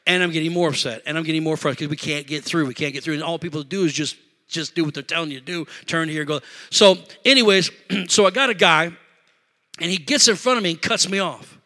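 A middle-aged man preaching a sermon in a church, telling a story in an animated, emotional way and talking straight to the congregation. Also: fairly high pitch, fast talker. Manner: animated, emotional, talks to congregation with "y'all" and "amen". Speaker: pastor. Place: church sanctuary.

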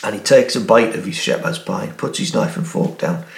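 A man's voice: lowish voice, normal speed, vocal fry, reverberant. A middle-aged man telling a casual anecdote, laughing often and restarting sentences as a podcast guest. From Newcastle, England. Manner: storytelling with frequent laughs and restarts.

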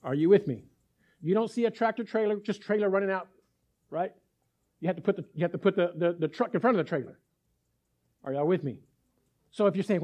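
A man's voice: high-pitched, fast talker, pauses often, darkish tone. A male pastor preaching a sermon with energy. He acts out little scenes and keeps checking in with the congregation.

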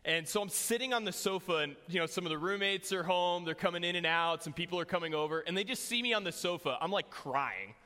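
A man's voice: sits high, quick pace, hardly any pauses, bright, forceful tone. A young man preaching a sermon in a casual, joking way, telling a personal story to his church. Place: church hall. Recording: long hall reverb.

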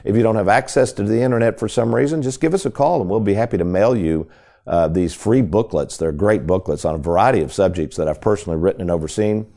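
A man's voice: on the low side, fast, mellow. A man hosting a financial talk radio show, speaking in a folksy, emphatic way and often addressing listeners directly as folks.

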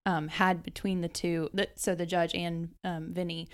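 A woman's voice: on the low side, level tone, normal speed. A woman, a guest on a casual movie podcast, sharing trivia in a chatty, hesitant way with many fillers.

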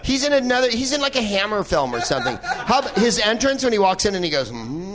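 Profane riffing man, slightly high voice. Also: big pitch swings, fast talker, a crowd in the background. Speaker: podcast host. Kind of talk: live podcast movie talk. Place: old movie theater with audience.

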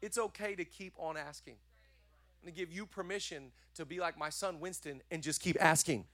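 A man preaching a sermon as pastor, energetic and repetitive in his urging, with chatty joking asides. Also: fairly high pitch, normal speed, no room sound.

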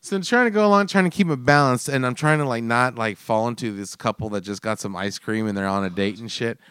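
Profane, animated man in his forties. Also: medium pitch, fast talker, clean tone, dry recording. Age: 40s. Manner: profane, animated storyteller acting out his own mishap. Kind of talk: casual storytelling chat.

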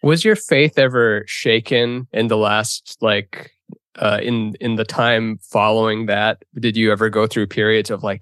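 A male podcast host with a fairly low voice, recorded dry and close. He asks curious questions and slips in playful jokes as they talk casually. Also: fairly even intonation, unhurried, fairly bright tone, no echo. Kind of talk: casual conversation.

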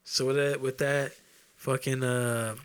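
A man's voice: mid-range voice, level tone, slow pace, clean tone. A man hosting a podcast, chatting loosely about sports with plenty of swearing. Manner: loose, profane sports banter. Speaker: podcast host. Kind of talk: casual podcast chat.

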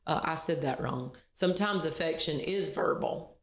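A woman's voice: sits low, moderate pace. Earnest woman co-hosting in an echoey room. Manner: earnest, laughs easily, restarts often. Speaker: podcast co-host. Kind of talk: candid marriage podcast chat. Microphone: on camera.

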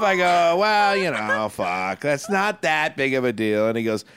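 A man's voice: a little high, normal speed, few pauses, clear, resonant tone. A man co-hosting a podcast, telling stories in casual chat, laughing often and acting out what people said. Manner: animated, laughing, acts out quoted voices. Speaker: podcast co-host.

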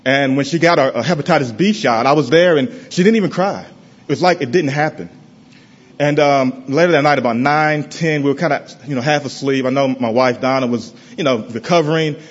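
Man, middle-range voice, halting testimony before a congregation, muffled low-fi sound. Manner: halting, with many pauses and restarts, often dropping soft and low. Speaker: father giving a church testimony. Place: church in front of a congregation.

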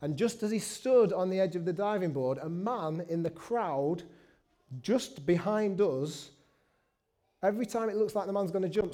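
A man's voice: sits high, moderate pace, warm tone. A man preaching a sermon, telling a chatty personal story with self-deprecating asides.

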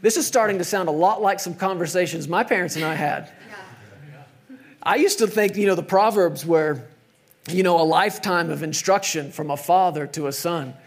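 A middle-aged man preaching a sermon in a conversational way, sometimes dropping to soft, emphatic tones. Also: sits high, normal speed. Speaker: pastor.

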